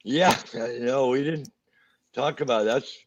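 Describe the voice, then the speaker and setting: A man co-hosting a live stream, talking slowly and in a laid-back way, laughing easily. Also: medium pitch. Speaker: co-host. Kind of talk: casual live-stream chat. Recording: dull lo-fi line.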